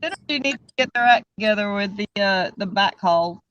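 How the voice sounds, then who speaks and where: A woman's voice: mid-range voice, animated, brisk, fairly bright tone. Chatty woman on a lo-fi stream. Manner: chatty, laughs often. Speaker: co-host of a livestream. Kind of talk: casual group chat. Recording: dull lo-fi stream audio with faint hiss.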